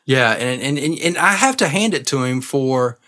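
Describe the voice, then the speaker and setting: A man with a mid-range voice talks about a reality show in a relaxed, easy way. He drifts lower and softer as he thinks aloud. It is an unhurried co-host chat. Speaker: podcast co-host.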